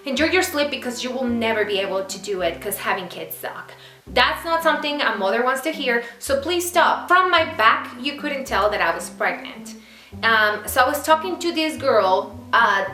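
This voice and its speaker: Young woman vlogging, bright voice, chatty n fed up, echoey room w faint music. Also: high-pitched. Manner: chatty and exasperated, many fillers. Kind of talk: casual chat to camera.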